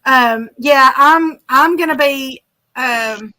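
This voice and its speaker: Woman, livestream host, bright tone, slightly high pitch, casual teasing chat. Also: slow. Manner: chatty, teasing, reads viewer comments aloud.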